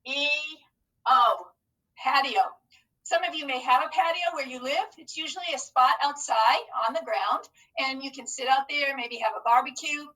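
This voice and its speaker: A woman teaching a phonics lesson to young children, talking slowly and clearly and encouraging them as they go. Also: high voice, fairly bright tone, far from the mic, low-quality recording. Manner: slow, clearly enunciated, encouraging teacher talk.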